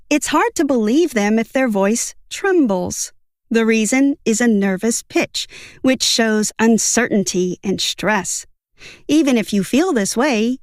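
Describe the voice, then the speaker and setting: A woman with a fairly high voice reads a book summary as scripted narration. Her delivery is even and measured, and the sound is close and dry with no room around it. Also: dry recording.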